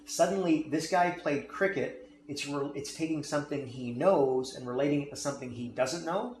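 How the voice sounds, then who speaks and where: A man gives instructional talk on selling, coaching emphatically and frequently checking in with "okay?" and "right?". His voice is on the high side and a little mellow, at a moderate pace, in an echoey room with faint noise.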